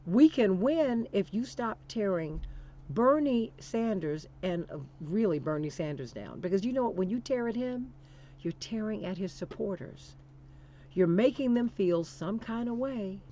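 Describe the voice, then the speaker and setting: A woman hosting political talk radio, building her points through emphatic, preacher-like repetition. Her voice sits at a middling pitch, and the recording sounds dull and lo-fi. She speaks with fervent conviction and calls her listeners "honey.". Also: lively intonation, measured pace, warm tone. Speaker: radio talk show host.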